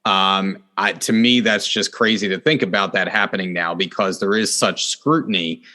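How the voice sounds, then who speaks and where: Middle-aged male podcast host, earnest and animated, bright tone, fairly low pitch. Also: moderate pace. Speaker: podcast host, real estate agent. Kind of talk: casual interview chat.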